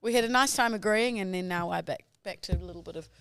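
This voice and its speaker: A woman's voice: mid-range voice, fast talker, a bit bright, no echo. Playful Australian woman, dry close sound. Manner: teasing, playful. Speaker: podcast co-host. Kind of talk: casual chat.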